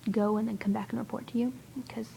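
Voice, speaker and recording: A young woman chats to a friend in a hushed, rambling whisper, hesitant and full of fillers. Her voice sits a bit high but sounds dark and gravelly. A faint noise hums behind her. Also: steady tone, quick pace, rough recording. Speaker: vlogger. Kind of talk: casual whispered video chat to a friend.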